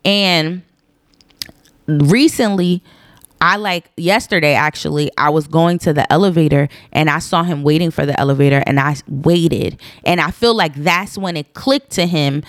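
A woman telling a personal story in a casual, animated monologue, stressing her points by repeating them. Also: sits low, moderate pace, no echo. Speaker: storyteller recounting a personal incident.

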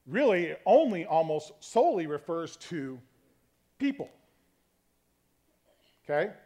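A man's voice: fairly high pitch, big pitch swings, measured pace, mellow. A man preaching a conversational sermon, teaching from scripture and checking in with his listeners, often asking "okay?". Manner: varies tone to demonstrate meanings. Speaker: pastor.

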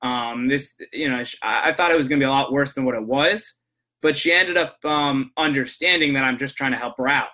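A man's voice: medium pitch, a little fast, pushed and bright. A man hosting a podcast, telling work stories in a casual, rambling way with many restarts, then turning earnest and motivational. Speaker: podcast host. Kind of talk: casual monologue, storytelling about work calls.

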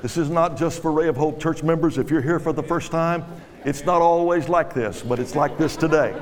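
A man with a voice on the high side preaches at a moderate pace as a guest pastor, urging the congregation with commands he says again and again. The setting is a large church hall, recorded live with reverb, music and the crowd behind him.

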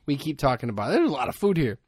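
A man spins rambling, joking stories in a casual podcast chat. His voice sits at an ordinary middle pitch. The recording is close and dry, with no room echo. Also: big pitch swings, rapid-fire, darkish tone, slightly rough. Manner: joking storyteller, rambling asides. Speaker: podcast host.

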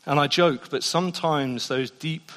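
A man preaching a sermon in a church, shifting between soft, hushed passages and loud, emphatic ones. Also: fairly high pitch, a little slow. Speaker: pastor. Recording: long reverb of a church hall.

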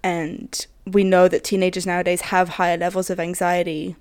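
A woman's voice: on the low side, level tone, moderate pace, a little mellow, clear, resonant tone, dry recording. A pregnant woman in a casual podcast chat, talking in a chatty, self-deprecating way and acting out her own worried thoughts. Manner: chatty, self-deprecating, quotes herself in a rush. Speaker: podcast co-host.

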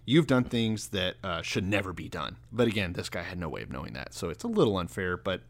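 A man's voice: low voice, very animated, a little fast. A man co-hosting a casual discussion, retelling stories in a wry, conversational way. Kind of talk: casual irreverent Bible discussion.

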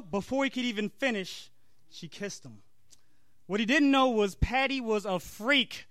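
A comedian reading a crude comic story aloud on stage, laughing and breaking off for asides. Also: male voice, high-pitched, unhurried, a bit bright, dry recording.

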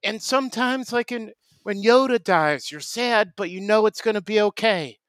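A man voicing an excitable rambling man who gushes and keeps drifting off topic in an improvised comedy bit. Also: high voice, moderate pace, no echo. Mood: gushing. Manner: breathless gushing, drifting from topic to topic. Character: excitable rambling man, gushing, easily sidetracked.

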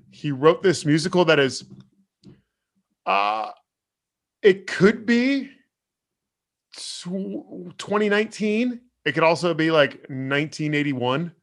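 A man co-hosting a podcast, reviewing a film in a relaxed, halting way with "uh" and "um". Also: mid-range voice. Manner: relaxed, hesitant with "uh" and "um". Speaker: podcast co-host. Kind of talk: casual review chat.

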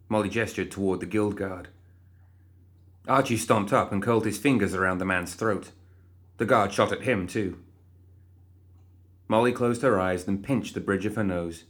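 Low-voiced man narrating a story. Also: normal speed, long pauses.

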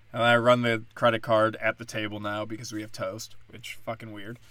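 A man's voice: fairly low pitch, measured pace, dry recording. A young man telling rambling, profane stories about his job in a casual chat. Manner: profane, rambling, animated storytelling. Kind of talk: casual storytelling rant.

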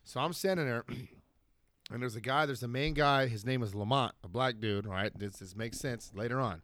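A man's voice: mid-range voice, moderate pace, no echo. Dry-voiced man telling a rowdy story. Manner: animated, swearing, acts out voices when excited. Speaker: podcast co-host. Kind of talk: casual storytelling.

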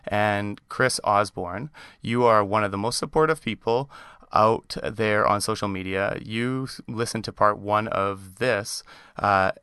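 A man's voice: fairly low pitch, unhurried, bright, forceful tone, clear, resonant tone, no room sound, studio quality. A Canadian man hosting a podcast, chatting casually with lots of fillers. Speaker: podcast host. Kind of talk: casual chat.

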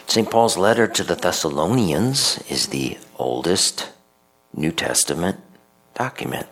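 A male priest reading scripture aloud and then preaching a homily in a measured, deliberate way. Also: deep voice, sing-song, a bit bright, low-quality recording.

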